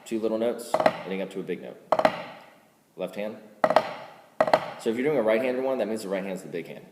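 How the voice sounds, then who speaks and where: A man teaching drum rudiments in a casual way, counting strokes aloud louder than he explains. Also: lowish voice, lively intonation, fairly quick. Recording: roomy reverb with loud background noise.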